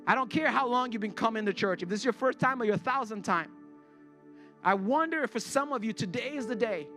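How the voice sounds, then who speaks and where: A man's voice: extremely high pitch, brisk, pushed and bright, soft background music. A man in his forties, a pastor preaching a sermon to his congregation. He speaks earnestly and confessionally and repeats words when worked up. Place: church sanctuary before a congregation.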